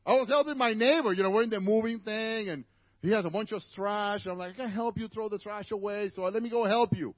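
A man's voice: sits high, quick pace, dry recording, dull audio. A man with a Spanish accent, native Spanish speaker, preaching a conversational sermon to a church congregation with asides to the listeners.

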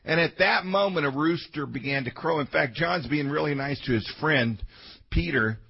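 Husky-voiced man preaching a sermon. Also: on the high side, normal speed. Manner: dramatic swings between loud outbursts and quiet asides. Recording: dull lo-fi sermon recording.

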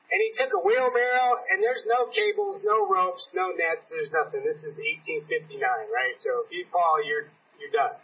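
A man's voice: sits high, animated, moderate pace, hardly any pauses, slight background noise. A man preaching a sermon in a church, telling a story and acting out the voices of the people in it. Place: church sanctuary. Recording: dull, lo-fi recording from a distance.

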